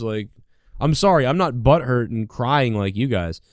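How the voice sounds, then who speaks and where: A man's voice: medium pitch, animated, moderate pace, no room sound, clean studio sound. A man hosting his own podcast, ranting alone in a rambling, indignant way, with constant fillers and swearing. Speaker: podcast host. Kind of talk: solo rant.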